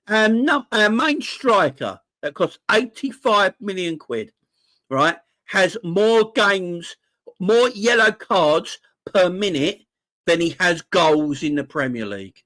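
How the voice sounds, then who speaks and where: A man's voice: high voice, expressive, takes it slowly, fairly bright tone. A man who has a wife and kids, hosting a live fan chat stream about football, passionate and emotional, and often repeating himself. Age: adult, married with kids. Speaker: fan channel host.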